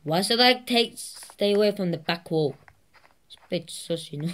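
A woman hosting a gaming channel, giving excitable let's-play commentary, swearing constantly and laughing at herself. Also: lowish voice, moderate pace.

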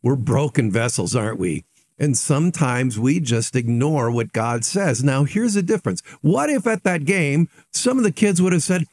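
A male pastor giving a short devotional sermon in a conversational, animated way, dropping low and quiet when voicing repentance. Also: normal speed.

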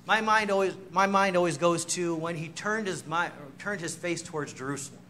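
High, bright-voiced preacher man. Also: fairly quick, a little hiss or hum. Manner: storytelling, self-mocking, often laughing. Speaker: pastor. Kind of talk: sermon. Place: church sanctuary.

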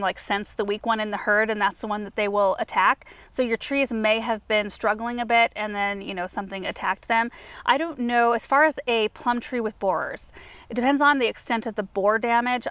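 A woman's voice: mid-range voice, fairly bright tone, no room sound. A woman hosting a gardening show, answering viewer questions in a casual, chatty way with lots of fillers. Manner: chatty, explains with many fillers. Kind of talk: casual Q&A chat. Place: at home.

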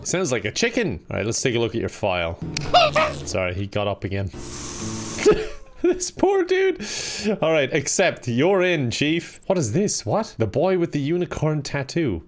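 A young man in his twenties with an Irish accent, giving playful let's-play commentary with quick reactions and frequent laughter. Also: mid-range voice, wildly swooping pitch, over music. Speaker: gaming video host.

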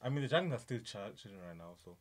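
A young man co-hosting a reaction video, hyping loudly and repeating his lines in slangy casual chat. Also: medium pitch, very animated, racing.

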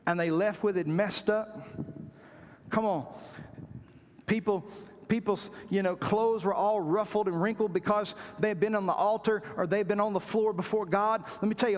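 A man's voice: high-pitched, big-room sound. A man preaching a sermon as pastor, dramatizing quotes with repeated, emphatic phrases. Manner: preaching with acted-out quotes and repetition.

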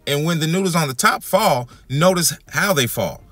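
Lively folksy man cooking. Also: on the high side, moderate pace, no echo, soft background music. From Texas. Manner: folksy, keeps calling viewers y'all and family. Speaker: home cooking channel host. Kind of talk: cooking demonstration. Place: home kitchen.

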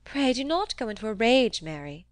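Lady reading as a prim young miss, high and whiny, dry close sound. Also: big pitch swings, normal speed, no echo. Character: prim, mild young woman, reproachful.

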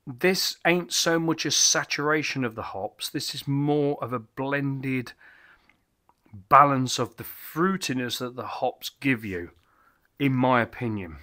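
A man's voice: medium pitch, measured pace, bright, forceful tone. A tipsy man rambles and corrects himself while reviewing a beer at a home bar. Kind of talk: casual beer review vlog.

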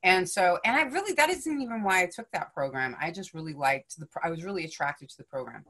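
A woman, a podcast guest, telling a story in casual chat, animated and blunt, swearing freely and tagging lines with "right?" and "you know?". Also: on the low side, fast talker.

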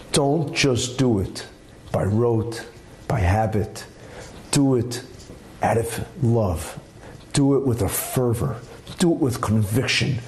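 A man giving a Torah lecture as a rabbi, speaking emphatically and acting out quoted voices in a high pitch. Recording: echoey room with faint background noise.

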